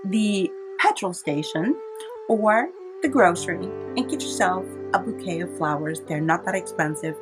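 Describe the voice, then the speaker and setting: Chatty woman telling a story. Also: lowish voice. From California. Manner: chatty, warm-hearted, laughs often, dramatizes quotes. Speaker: vlogger. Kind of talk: personal storytelling to camera. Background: soft instrumental music.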